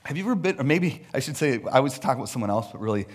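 Speaking very fast and with animation, this male pastor delivers a loose, conversational sermon on stage before a congregation, slipping little acted-out voices in as asides. His voice is mid-range and slightly rough.

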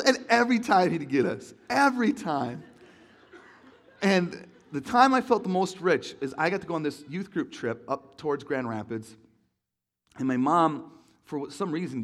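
Young guy pastor giving a sermon in an auditorium, kinda high voice, animated storyteller. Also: normal speed. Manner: animated storytelling, acts out voices, laughs along.

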